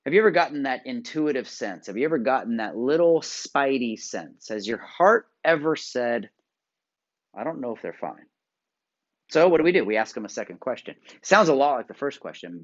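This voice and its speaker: A man from the United States giving a motivational video talk, coaching viewers through exercises with direct instructions, shifting from loud emphasis to quiet asides. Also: medium pitch. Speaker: workshop presenter. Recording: dull lo-fi sound.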